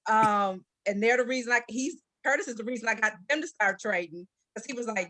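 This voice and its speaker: Brief: Detroit woman, community leader, storytelling testimonial, bright dry voice. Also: fairly high pitch, brisk, few pauses, no room sound. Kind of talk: casual testimonial.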